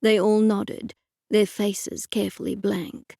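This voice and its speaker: A woman's voice: medium pitch, flat delivery, slow pace, vocal fry, mellow, no room sound. A woman narrating a first-person mystery audiobook with a wry, dry storytelling manner.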